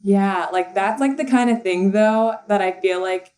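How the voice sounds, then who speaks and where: In this casual podcast interview, the guest, a young assistant and content writer, tells a rambling, laughter-filled story loaded with fillers. She has a mid-range, darkish voice and a measured pace.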